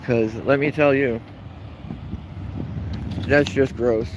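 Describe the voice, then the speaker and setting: A man filming himself outdoors in a parking lot, mocking people and shouting slogans as he walks. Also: mid-range voice, fairly even intonation, slow, background noise. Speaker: protester filming a vlog. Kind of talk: casual outdoor protest vlog.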